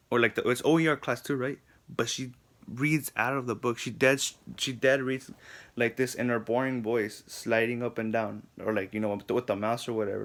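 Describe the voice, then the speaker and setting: Young man ranting about his classes. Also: medium pitch. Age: young adult. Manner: animated, frustrated ranting with lots of "like". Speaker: psychology student. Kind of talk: casual ranting video response.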